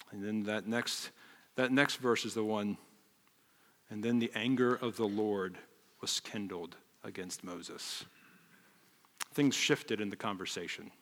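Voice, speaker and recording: A middle-aged man preaching a sermon with animated delivery, acting out quoted voices and dropping to a hush for emphasis. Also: medium pitch. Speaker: pastor. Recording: long reverb of a large hall.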